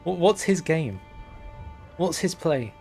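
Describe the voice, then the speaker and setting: A man's voice: a little high, very animated, takes it slowly, creaky, a little mellow, soft background music. Joking man commentating a strategy game. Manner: joking, reads game text aloud in mock voices. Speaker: game streamer. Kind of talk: casual gameplay commentary.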